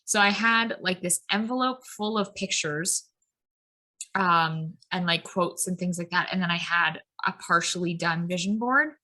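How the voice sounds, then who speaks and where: Woman, thirties, podcast co-host, bright voice, rambling casual chat, lots of filler words. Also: fairly low pitch, a little slow. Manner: rambling, full of "like" and "um", tangents.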